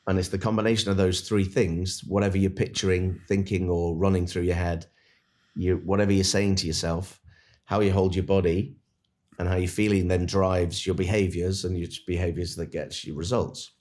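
A man, a dentist and business coach, guesting on a podcast and telling stories in an animated, earnest coaching tone. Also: low voice, moderate pace. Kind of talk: casual podcast storytelling.

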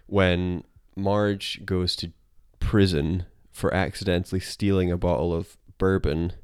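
A man on a podcast, chatting in a rambling, animated way and retelling scenes. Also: deep voice, a little slow, clear, resonant tone, dry recording, clean studio sound. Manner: rambling, animated, puts on character voices in retellings. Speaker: podcast co-host. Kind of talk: casual chat.

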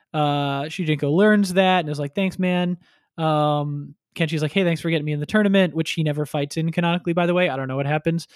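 A high-voiced man chats casually on a podcast, recorded in studio quality with no echo. He retells a story, acting out the characters with crude humor.

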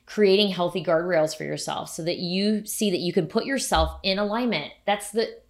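A woman's voice: lowish voice, normal speed. A woman co-hosting a podcast, talking reflectively and carefully, sometimes searching for words. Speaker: podcast co-host. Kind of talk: casual podcast conversation.

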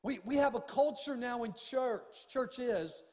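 High-voiced pastor preaching in a reverberant hall. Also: male voice, slow pace, a little mellow. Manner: preaching with rising fervor, casual folksy asides. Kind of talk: sermon. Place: large church sanctuary.

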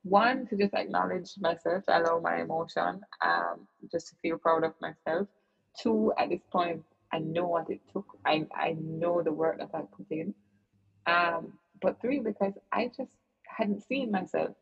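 A woman's voice: on the low side, moderate pace, creaky, husky, soft background music. A woman guest in an interview, telling a personal story in an earnest, reflective way with many fillers and restarts. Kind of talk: personal storytelling in casual chat. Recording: dull lo-fi recording.

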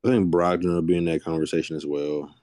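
Low-voiced laid-back man talking hoops. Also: flat delivery, warm tone. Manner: laid-back, drawn-out fillers. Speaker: podcast co-host. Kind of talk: casual sports chat.

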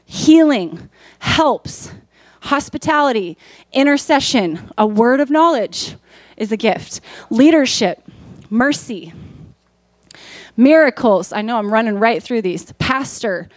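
A woman's voice: fairly high pitch, lively intonation, slow pace, dry recording. A woman pastor preaching a sermon in a conversational way that rises to emphatic peaks.

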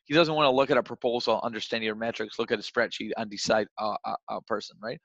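A man's voice: lowish voice, fairly even intonation, quick pace, creaky, fairly bright tone, no echo. A man giving casual sales advice, loose and chatty, tagging his points with "right?". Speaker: sales coach. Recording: dull, dry recording.

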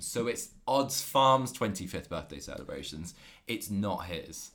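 Male co-host, animated and bright, jokey review reader. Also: low-pitched, unhurried. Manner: laughs often, reads reviews aloud. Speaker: podcast co-host. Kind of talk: casual comedic chat.

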